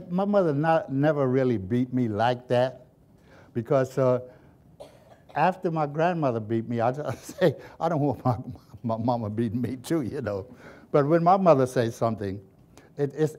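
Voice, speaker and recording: An older man being interviewed, telling folksy childhood stories and chuckling often as he speaks. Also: medium pitch. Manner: chuckles often while recounting, folksy and lively. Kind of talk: storytelling reminiscence.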